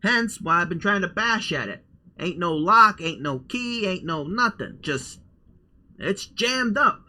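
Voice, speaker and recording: A man voicing a rough, folksy male scavenger character in a tabletop game, with a rambling put-on drawl. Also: high voice, expressive, unhurried, sharp tone, heavily acted. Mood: frustrated. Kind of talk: tabletop role-play voice.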